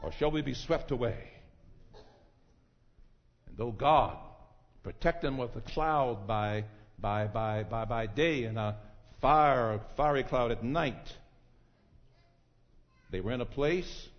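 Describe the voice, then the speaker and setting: Fiery preacher in an echoing church. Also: male voice, slow pace, pauses often. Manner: preaching, swings from low murmurs to shouted climaxes, calls on congregants by name. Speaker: pastor. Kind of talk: sermon. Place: church sanctuary. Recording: dull echoing church recording.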